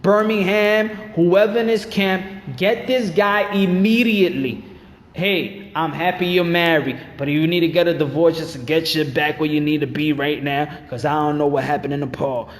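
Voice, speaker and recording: Man, high voice, heated repetitive boxing rant, long reverb. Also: fairly even intonation, normal speed. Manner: fired-up, repetitive, emphatic. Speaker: boxing channel host. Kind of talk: ranting commentary.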